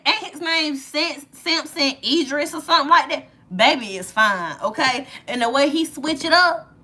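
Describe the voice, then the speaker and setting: A woman hosting a casual live stream, chatting straight to her viewers in a playful, gushing way. Her voice sits a little high and rings bright and forceful. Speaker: livestream host.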